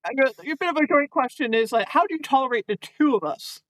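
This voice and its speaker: A woman's voice: sits high, expressive, quick pace, no room sound, rough recording. A woman chatting casually on a podcast and explaining things. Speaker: podcast guest. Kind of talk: casual chat.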